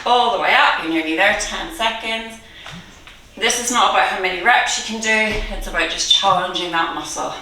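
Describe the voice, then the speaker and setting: A woman's voice: mid-range voice, moderate pace, pushed and bright. A woman leading a guided workout as a fitness instructor, counting reps aloud with an encouraging manner and frequent laughs. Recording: very echoey room, mic far off.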